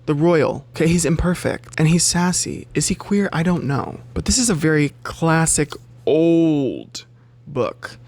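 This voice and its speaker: A man chatting casually to camera about books, animated and loose, swearing freely and jumping up in pitch for emphasis. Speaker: bookseller and book vlogger.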